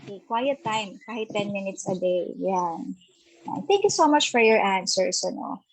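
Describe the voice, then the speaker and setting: A woman's voice: fairly high pitch, breathy edge, low-quality recording. A woman with a Filipino accent giving an interactive online webinar on self-care, reading out participants' typed answers and affirming them with frequent "okay" and "ayan".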